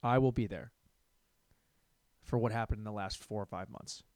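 A man's voice: on the low side, steady tone, normal speed, a little mellow, no echo. A young man hosting a comedy podcast, telling a crude, rambling story and repeating words for laughs.

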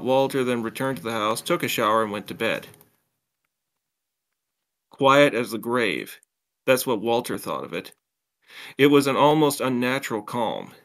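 A man reading a story aloud, plain and steady, now and then stumbling and restarting a phrase. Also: medium pitch. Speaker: story reader.

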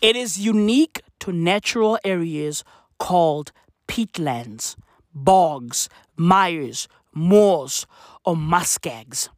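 A man's voice: fairly high pitch, expressive, slow pace, dry recording, clean studio sound. A man from Africa delivering a profane, slang-heavy comedic rant with an emphatic, mocking manner.

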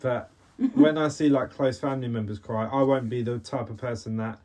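An earnest man co-hosting a podcast, talking in halting bursts full of restarts. His pitch sits mid-range for a man, and a slight cough comes and goes. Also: mellow. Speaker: podcast co-host. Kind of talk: casual chat.

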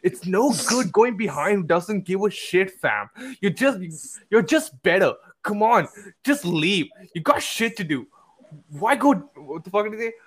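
A man's voice: high voice, animated, a little slow, a bit bright, slightly rough, heavily acted. A man voicing a brash young online know-it-all in a poor American accent, mocking and preachy. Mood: scornful. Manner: mocking, sneering and preachy with heavy cursing.

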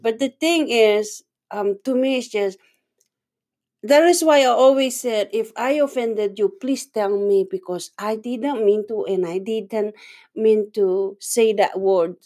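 Filipino woman, slow, emotional chat. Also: medium pitch, mellow. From Philippines. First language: Tagalog. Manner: chatty and emotional, laughs often, halting broken phrasing. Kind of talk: casual chat.

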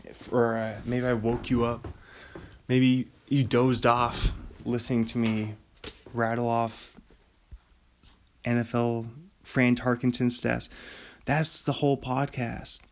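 A man hosting a solo podcast late at night, rambling loosely and getting loopy, with sudden excited bursts and laughter. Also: mid-range voice, slow, long pauses. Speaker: podcast host.

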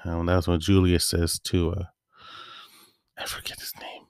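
Male solo host, deep voice, dry close sound, rambling casual monologue. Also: monotone, unhurried, long pauses, clear, resonant tone, no room sound. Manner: rambling, loose and offhand with fillers. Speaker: podcast host.

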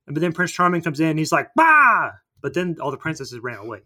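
A man rambles through a movie plot in casual podcast chat, slipping in quick character voices. His voice sits a little on the high side for a man. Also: pushed and bright. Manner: rambling storytelling, acting out characters. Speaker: podcast co-host.

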